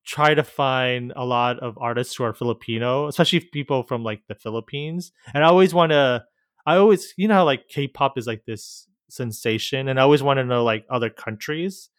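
In a casual podcast conversation, this co-host meanders as he explains things, laughing easily along the way. He talks a little fast in a smooth, medium-pitched voice, recorded dry and at studio quality.

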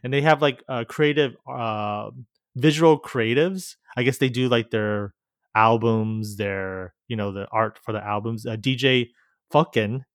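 A man's voice: medium pitch, unhurried, clear, resonant tone, dry recording, studio quality. A man co-hosting a podcast in casual chat, meandering through his points and laughing easily as he explains. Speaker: podcast co-host.

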